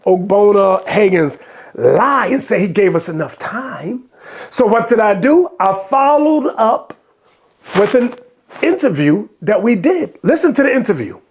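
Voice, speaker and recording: A man preaching over video clips with a fiery, impassioned delivery that often rises into shouts. His voice sits high and swoops widely as he quotes and explains scripture. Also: sing-song, unhurried, husky. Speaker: religious commentator.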